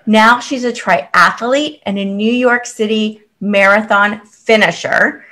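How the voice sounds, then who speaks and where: A woman's voice: medium pitch, slow, pushed and bright. A woman hosting a parenting podcast, reading an upbeat scripted introduction and then interviewing a guest with exclamatory enthusiasm. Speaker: podcast host.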